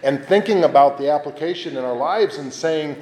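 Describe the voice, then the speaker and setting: A man preaching a homily as a priest, in a conversational, animated way, often acting out quoted voices. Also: on the high side, a little fast, slight background noise. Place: church. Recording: echoey church hall.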